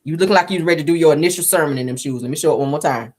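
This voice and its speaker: A woman hosting a casual commentary show, talking in a sassy, animated way and laughing often. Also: low voice, racing. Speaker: host reviewing a reality show.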